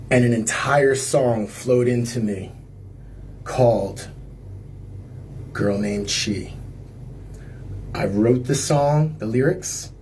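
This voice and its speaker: A man's voice: medium pitch, darkish tone, a little hiss or hum. A man, a singer-songwriter, telling a personal story on a livestream in a loose, rambling way, full of filler words and restarts.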